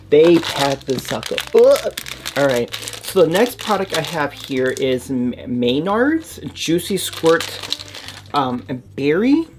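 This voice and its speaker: A woman from the United States casually chatting while she tastes snacks, talking with her mouth full and humming mm between bites. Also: low-pitched. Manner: chatty, talks while chewing, lots of mm sounds. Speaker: vlogger. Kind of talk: casual snack unboxing and tasting chat. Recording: noisy with wrapper crinkling.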